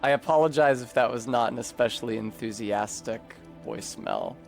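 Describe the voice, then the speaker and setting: A man live-streaming a video game, chatting casually with his viewers and swearing freely between quick asides. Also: medium pitch, huge pitch swings, gravelly, faint music behind.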